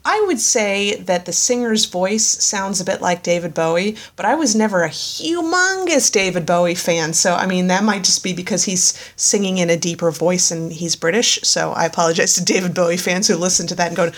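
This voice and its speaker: A woman's voice: fairly low pitch, fairly quick, hardly any pauses. A woman co-hosting a podcast, chatting casually and laughing often as she recaps an episode. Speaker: podcast co-host.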